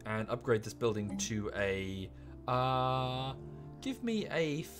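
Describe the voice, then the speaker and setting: A man's voice: mid-range voice, lively intonation, slow pace, over music. A man streaming a strategy game from home, thinking aloud in a chatty, rambling way with offhand asides. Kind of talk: casual live-stream commentary.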